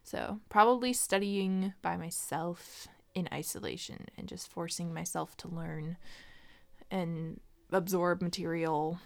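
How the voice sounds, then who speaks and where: A young woman co-hosting a casual podcast chat, chatty and trailing off into soft asides. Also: fairly low pitch, gravelly. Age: young adult. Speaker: podcast co-host.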